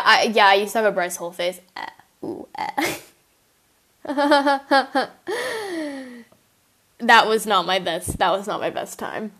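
A young woman hosting a podcast, chatting casually in a giggly, gushing way with many fillers and apologies. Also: mid-range voice. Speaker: podcast host. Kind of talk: casual chat.

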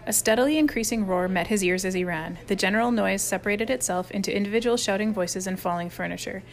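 A woman's voice: medium pitch, fast talker, creaky. A woman narrating a children's chapter book aloud, reading expressively. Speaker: audiobook reader. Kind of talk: storybook narration.

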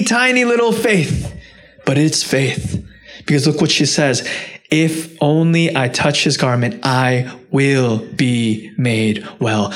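A man preaching a sermon, earnest and direct, rising to impassioned peaks and dropping low and soft when quoting. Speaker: pastor.

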